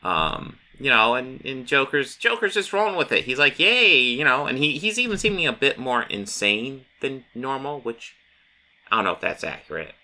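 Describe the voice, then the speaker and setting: A man's voice: mid-range voice, very animated, moderate pace, bright, forceful tone. A man hosting a channel, recapping a comic in a casual, rambling way with many fillers. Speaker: comic book channel host.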